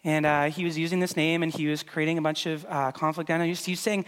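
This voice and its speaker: A man's voice: a little high, level tone, fast talker, hardly any pauses, a bit bright, clean tone. A man preaching a casual sermon as a pastor, talking loosely with lots of fillers while he walks volunteers through a demonstration. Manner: conversational, loose and filler-heavy. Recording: long hall reverb.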